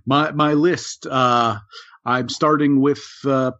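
A man co-hosting a casual show, talking haltingly with many "uh"s and self-mocking jokes. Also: medium pitch, fairly even intonation, pushed and bright. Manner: hesitant, restarts with lots of uh, self-mocking. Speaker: co-host. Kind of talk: casual banter. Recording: dull lo-fi recording.

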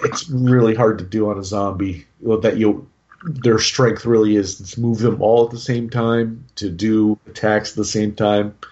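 A man's voice: lowish voice, steady tone, moderate pace, a little mellow, dull audio. A man co-hosting a podcast, chatting casually about his game army in a rambling way with many restarts. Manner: rambling, lots of restarts and fillers. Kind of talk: casual chat.

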